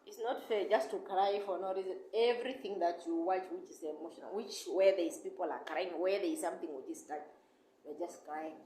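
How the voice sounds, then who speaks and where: A woman's voice: lowish voice, fairly quick, mellow. A young woman vlogger chatting casually and emotionally, rambling and calling her viewers "guys". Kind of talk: casual chat. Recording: echoey room with faint noise.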